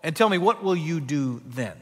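A man voicing an elderly male statesman who asks fatherly questions in a slow, measured way. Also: a little high, lively intonation, husky, long reverb tail. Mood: kindly.

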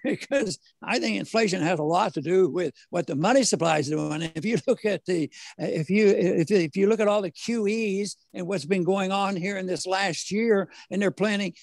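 An older man, a former congressman, talking as an interview guest in a halting way with many fillers, restarts and the odd chuckle. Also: high-pitched, vocal fry, no echo. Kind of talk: casual interview conversation.

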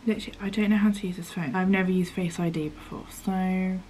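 A woman's voice: mid-range voice, normal speed, warm tone, slight background noise. A young woman in a casual unboxing vlog, chatting and swearing casually, and often dropping to a whisper as she reads the screen aloud. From United Kingdom. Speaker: vlogger.

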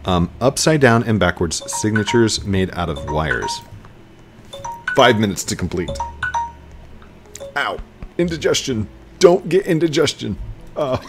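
A young man giving casual let's-play commentary as a gaming YouTuber, excitable, yelling at other players and then apologizing, laughing often. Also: lowish voice, unhurried, pauses often, music in the background.

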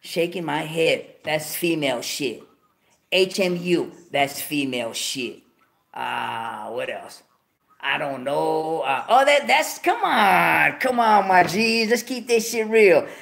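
A man hosting his own show, ranting casually to viewers in street slang, cursing heavily, with animated outbursts. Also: fairly high pitch, slow pace, gravelly. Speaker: show host. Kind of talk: casual profane rant to viewers.

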